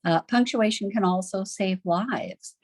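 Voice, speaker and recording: A middle-aged woman teaches a recorded homeschool literature lesson, chatty and lively, often posing questions to her class. She speaks at medium pitch and a measured pace, with no echo.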